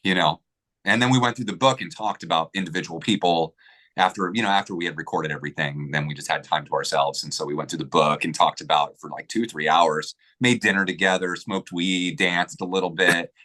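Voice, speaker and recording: Guy telling a story about his mom, bright voice kinda low, gets choked up, swears a lot. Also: a little fast. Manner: emotional, swears freely, acts out quotes. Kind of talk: casual storytelling interview.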